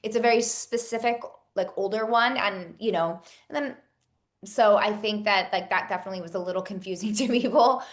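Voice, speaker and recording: A woman's voice: medium pitch, a little fast. A woman in her thirties, an actress and producer, chatting in an interview and rambling with many fillers and restarts. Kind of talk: casual interview chat.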